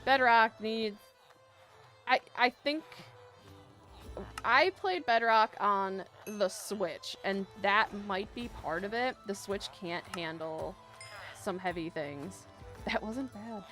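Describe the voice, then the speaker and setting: A woman hosts a casual game live stream with a mid-pitched voice, chatting and reading viewer messages aloud. Her talk is bubbly and rambling, and she laughs often. Faint music plays under her. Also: takes it slowly, fairly bright tone. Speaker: live-stream gaming host. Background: faint background music.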